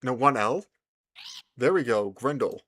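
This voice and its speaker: Animated, playful man commenting on a game. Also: mid-range voice, unhurried, no room sound. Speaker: gaming video host.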